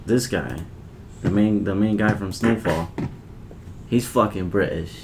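A young man with a lowish voice talks loosely on a podcast, relaxed and quick to laugh, dropping swear words without a second thought. A steady hiss runs under the recording. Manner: laid-back, swears, laughs often. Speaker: podcast host. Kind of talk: casual chat. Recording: noticeable background hiss.

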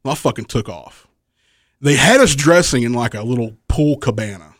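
A man with a mid-range voice speaks at normal speed in clean studio sound with no echo. He's a wrestling promoter guesting on a podcast, telling a rowdy, profanity-laced story while laughing a lot and acting out others' lines.

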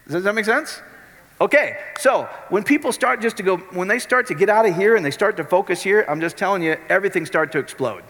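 A middle-aged man preaching a sermon, animated and often checking whether his listeners follow. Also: sits high, brisk. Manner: animated, keeps asking the crowd if it makes sense. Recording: long hall reverb.

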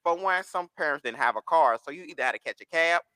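Bright, expressive ranting podcast voice. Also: medium pitch, quick pace, smooth, no echo. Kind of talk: casual chat.

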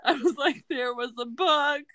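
A woman's voice: high voice, moderate pace, bright, forceful tone, no echo. Frank young woman, dry close sound. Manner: frank, swears casually. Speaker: podcast co-host. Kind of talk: casual chat.

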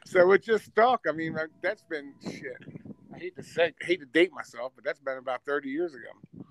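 A man's voice: a little high, lively intonation, normal speed, slight background noise. A middle-aged man with a New Jersey accent, talking brashly and with lots of swearing in a casual podcast chat. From Northeast US, New Jersey. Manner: brash, profane, boastful storyteller. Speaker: podcast guest, social media personality.

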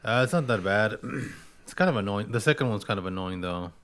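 A man's voice: lowish voice, lively intonation, brisk, a bit bright. A young man co-hosting a casual podcast chat, tossing in dry joking asides. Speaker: podcast co-host.

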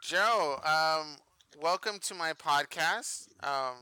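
A man's voice: a little high, slow pace, a crowd in the background. A young man hosting a podcast in casual chat, laughing often and swearing freely. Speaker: podcast host.

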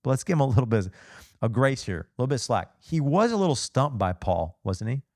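Male pastor, casual expressive sermon, lots of rhetorical questions, dry close sound. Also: mid-range voice, fairly quick, no room sound. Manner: asks the congregation rhetorical questions. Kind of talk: conversational sermon.

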